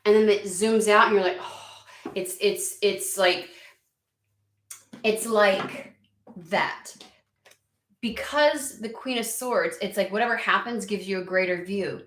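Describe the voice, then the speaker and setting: A woman's voice: mid-range voice, takes it slowly, long pauses, a bit bright, roomy sound. A woman giving a casual tarot reading, chatty and rambling, swearing freely and saying "like" a lot. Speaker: tarot reader.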